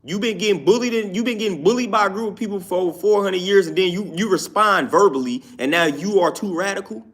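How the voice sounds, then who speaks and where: A man with a fairly high voice for his sex holds forth in a casual, emphatic monologue. He circles back to his points and keeps checking in with his listener. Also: fast talker, hardly any pauses, a bit bright. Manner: emphatic, repeats "you know what I'm saying". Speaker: YouTube commentator. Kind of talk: casual opinion talk.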